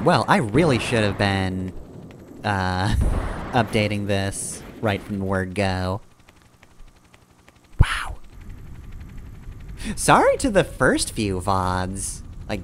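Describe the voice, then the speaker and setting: A man with a low voice gives casual, rambling commentary over his gameplay. He corrects himself mid-sentence and chuckles as he goes. A faint hiss sits under his voice. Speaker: game streamer.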